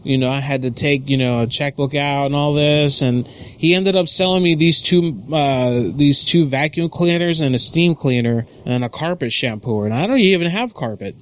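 A man's voice: on the high side, normal speed, slight background noise. Rambling crude-talking man. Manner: rambling, repetitive storytelling with crude language. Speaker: prank call radio show host. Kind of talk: prank phone call.

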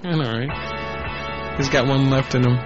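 A young man from Orlando, Florida hosts a prank-call internet radio show, trading crude jokes and swearing often in casual banter. His voice sits at a medium pitch, and the audio sounds dull.

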